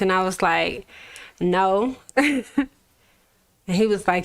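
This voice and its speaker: A young adult woman from Florida, a recording artist telling her story in a relaxed, casual interview, laughing often and swearing freely. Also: mid-range voice, slow, pauses often, clear, resonant tone.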